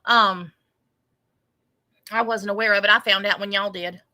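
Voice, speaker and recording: A woman's voice: medium pitch, fairly even intonation, measured pace, pushed and bright. A woman delivering a sarcastic, theatrical mock-lament with exaggerated, Southern-flavored phrasing. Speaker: commentary creator.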